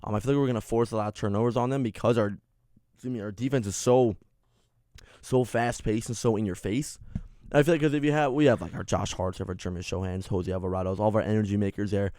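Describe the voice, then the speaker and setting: A man's voice: on the low side, steady tone, fast talker, mellow, no room sound, studio quality. A young man co-hosting a college radio sports show, chatting casually, joking and laughing often. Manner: joking, laughs often, plays with silly accents.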